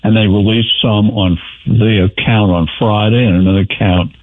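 A man's voice: fairly low pitch, steady tone, moderate pace. A man giving blunt, wry political commentary on a talk radio show. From New York. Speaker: guest commentator. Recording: tinny phone line.

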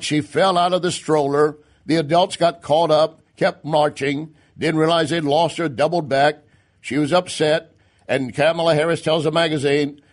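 Male commentary host, slightly high pitch, sarcastic and emphatic, loose unscripted delivery. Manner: sarcastic, emphatic, with stumbles and restarts. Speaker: talk show host. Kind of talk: opinion commentary.

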